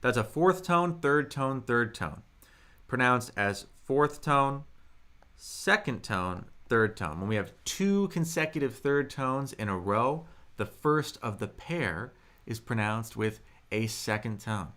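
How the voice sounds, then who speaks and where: A young man teaching a live online language lesson, upbeat, reading the chat aloud and modelling tones slowly and loudly. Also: mid-range voice, lively intonation. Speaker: Mandarin teacher on a livestream.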